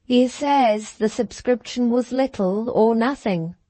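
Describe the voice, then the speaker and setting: A woman's voice: fairly high pitch, takes it slowly, mellow, no echo. A woman reading the part of an aggrieved, self-pitying aristocratic wife in an audiobook, with a plaintive, complaining manner.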